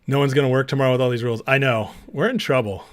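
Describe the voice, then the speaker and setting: This livestream host talks at a racing clip, his medium-pitched voice holding a steady tone. The show is casual and chatty; he reads viewer comments aloud as he goes and laughs with them.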